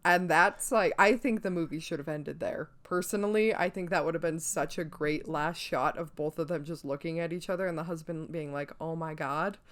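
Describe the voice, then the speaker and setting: A woman co-hosting a podcast, retelling a film's plot in a chatty, lively way. Her voice is noticeably low for a woman, and she leans on "like" and "you know" as she goes. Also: brisk, few pauses. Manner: chatty, lively storytelling with frequent "like". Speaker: podcast co-host. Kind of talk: casual movie review chat.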